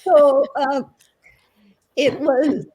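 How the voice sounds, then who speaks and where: A woman telling family stories in an excitable, rambling way, losing her train of thought. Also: high voice, drawn-out words, a crowd in the background, rough recording. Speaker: guest author. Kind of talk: casual chat.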